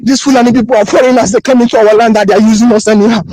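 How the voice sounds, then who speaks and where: A man's voice: very high voice, fairly even intonation, racing, darkish tone, dry recording, soft background music, poor audio. A man with a Nigerian accent recording an impassioned voice note on his phone, pleading and repeating himself with emotion. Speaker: voice-note sender.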